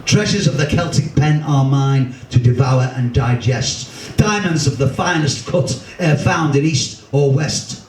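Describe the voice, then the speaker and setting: A man's voice: medium pitch, a little slow, hardly any pauses, a little mellow. A man with a Liverpool accent performing his own rhyming comic poems for a live audience in a pub. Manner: rhythmic, rhyming delivery with wry humour. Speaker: poet and performer. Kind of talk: live comic poetry recital. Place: pub function room. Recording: echoey room, distant mic, faint hum.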